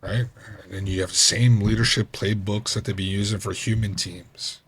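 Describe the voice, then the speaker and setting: A man's voice: normal speed, husky. A middle-aged man hosting a podcast, telling work stories in a casual monologue and acting out coworkers' lines in a raised voice. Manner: animated, acts out quoted coworkers with raised pitch. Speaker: podcast host.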